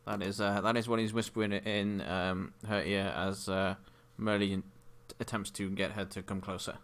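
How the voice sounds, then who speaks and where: A man narrating a tabletop game as game master, with a measured delivery and frequent ums and uhs. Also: fairly low pitch, level tone, fairly bright tone.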